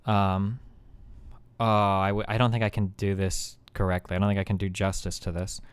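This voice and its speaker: A man's voice: low-pitched, flat delivery, normal speed, clean tone, no echo. A man casually explaining something on a live stream, rambling, searching for words and restarting his sentences often.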